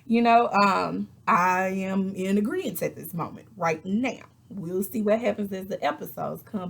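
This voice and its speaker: A woman recapping a reality show in casual, animated chat, acting out quotes with exasperated asides. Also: mid-range voice, a little slow, gravelly, hardly any pauses. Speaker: reality TV reviewer.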